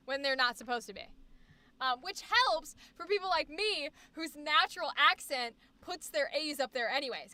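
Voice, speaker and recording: A woman's voice: sits high, normal speed, pushed and bright. A woman livestreaming in a casual chat, explaining singing technique and demonstrating vowel sounds as she talks. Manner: many fillers and restarts, reads chat aloud. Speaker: streamer.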